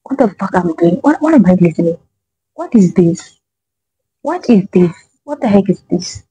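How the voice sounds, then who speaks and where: A woman's voice: medium pitch, big pitch swings, normal speed, dark tone, low-quality recording. A woman hosting a reaction video, talking casually, exasperated and profane, often repeating herself.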